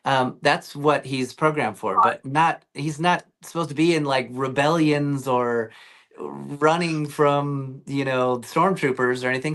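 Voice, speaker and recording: A man's voice: medium pitch, a little slow, fairly bright tone. A man talking as a guest actor in a casual interview, telling rambling stories with lots of fillers and restarts over a video call.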